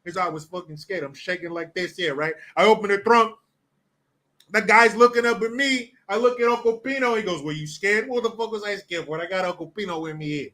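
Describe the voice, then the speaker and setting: A man putting on a coarse, boastful tough-guy storyteller voice, loud and profane. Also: high-pitched, brisk. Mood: swaggering.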